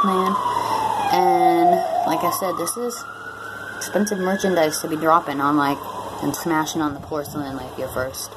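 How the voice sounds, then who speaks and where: A woman vlogging in a loose, rambling way, full of fillers, her speech shaped by brand-new dentures. Her voice sits a little low. A steady background noise runs under the recording. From Maine, USA. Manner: rambling and chatty, with many fillers. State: talking around brand-new dentures after tooth extractions. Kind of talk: casual chat to camera.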